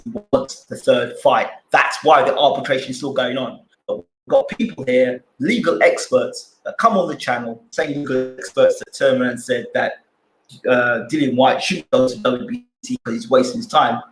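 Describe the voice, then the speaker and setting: A man's voice: medium pitch, normal speed, roomy sound, poor audio. A man hosting a boxing channel live stream, arguing his points with repeated rhetorical questions and answering chat.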